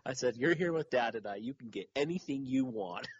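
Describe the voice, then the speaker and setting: A man's voice: mid-range voice, lively intonation, moderate pace, husky, dry recording, lo-fi sound. A laid-back man co-hosting a casual wrestling podcast who laughs easily. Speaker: podcast co-host.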